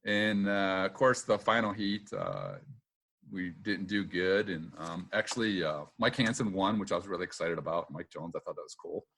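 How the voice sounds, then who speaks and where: A middle-aged man and former racer, a podcast guest who tells anecdotes casually, acts out the lines of the people in his stories and fills pauses with "uh" and "um.". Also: deep voice, creaky. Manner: lively anecdotes, acts out quotes, laughs often; filler-heavy with "uh" and "um". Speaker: retired boat racer, guest. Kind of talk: casual storytelling interview.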